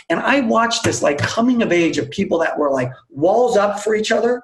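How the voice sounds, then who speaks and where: A man, a team storytelling coach, telling a lively anecdote as a guest in a webcast interview, acting out the dialogue as he goes. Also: high-pitched, normal speed, low-quality recording. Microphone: video call.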